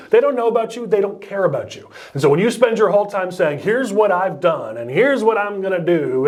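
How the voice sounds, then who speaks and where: Blunt, emphatic man, slightly high voice. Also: darkish tone. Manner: blunt and emphatic, punchy short lines. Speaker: political campaign consultant. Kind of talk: advice chat on a podcast-style video.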